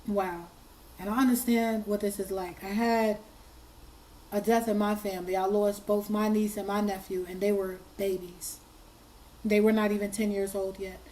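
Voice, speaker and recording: A woman talks to her audience with a hoarse, tearful voice that she keeps steady. Her tone is dark and mellow and stays mostly level. She is earnest and repeats herself as she presses on. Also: medium pitch, moderate pace, a little hiss or hum, rough recording. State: hoarse, fighting tears. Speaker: commentary channel host. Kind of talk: emotional commentary.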